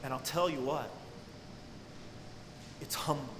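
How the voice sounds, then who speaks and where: A man preaching a sermon with great dynamics, dropping to hushed tones and then rising to cries. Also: mid-range voice, fairly even intonation, slow, noisy background. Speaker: pastor. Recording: echoey hall with long reverb.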